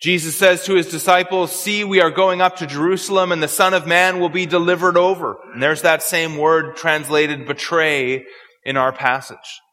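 A man's voice: on the high side, fairly even intonation, moderate pace, sharp tone. A man preaching an expository sermon, earnest and prone to repeating words as he searches for phrasing. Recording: long hall reverb.

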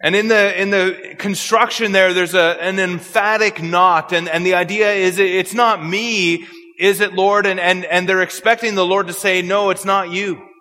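A man's voice: high voice, steady tone, normal speed, sharp tone. A man preaching an expository sermon, earnest and prone to repeating words as he searches for phrasing. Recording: long hall reverb.

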